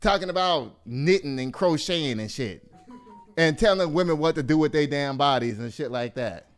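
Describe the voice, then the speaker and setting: High, smooth man ranting. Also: normal speed, soft background music. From Texas. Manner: animated, profane and mocking, laughing often. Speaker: host. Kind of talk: casual commentary.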